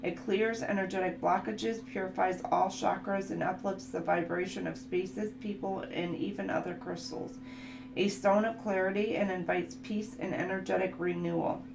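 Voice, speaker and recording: A woman talks through an oracle card reading in a relaxed, chatty way, reading card text aloud and often breaking into laughter. Her voice has a gravelly, creaky texture. The room is echoey, with a steady hum underneath. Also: mid-range voice, normal speed. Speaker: tarot reader.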